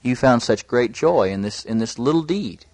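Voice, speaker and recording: A man preaching a sermon, earnest, lifting his voice high when he quotes scripture. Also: lively intonation, normal speed, a little mellow, dry recording. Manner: earnest, rising pitch for emphasis, quotes scripture in a raised voice.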